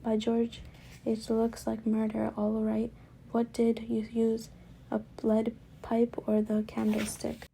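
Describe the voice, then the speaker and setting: A woman's voice: on the high side, monotone, takes it slowly, creaky, warm tone, a little hiss or hum. A woman reading the lines of an odd schoolboy who speaks in a fake British accent like a mock detective. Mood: mock-serious.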